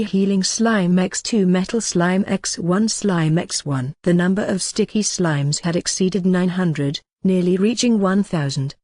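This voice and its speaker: Lady reading a fantasy novel aloud, low voice, dry close sound. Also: darkish tone, no echo. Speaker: audiobook narrator. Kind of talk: first-person light novel narration.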